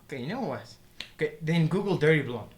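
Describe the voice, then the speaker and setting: A man's voice: a little high, lively intonation, fast talker, a little mellow. A man co-hosting a casual podcast chat, giving dry, defensive comebacks. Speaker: podcast co-host.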